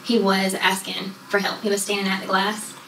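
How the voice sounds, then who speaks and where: A woman lab tech in a recorded interview, speaking in brisk short statements. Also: mid-range voice, flat delivery, fairly bright tone. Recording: echoey room, mic far off, faint noise.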